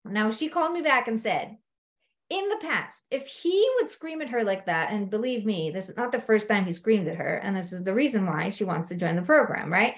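A woman coach telling stories from her clients in an animated, conversational way, often checking in with her listeners. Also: medium pitch, fairly quick. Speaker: life coach. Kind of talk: storytelling coaching talk.

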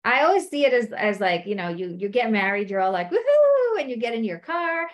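A woman giving a motivational talk on marriage to a women's group, lively and conversational, acting out quoted voices and often checking in with "okay?". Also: medium pitch, a little fast. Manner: animated, acts out quoted voices, frequent "like" and "okay?". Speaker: speaker addressing a women's group.

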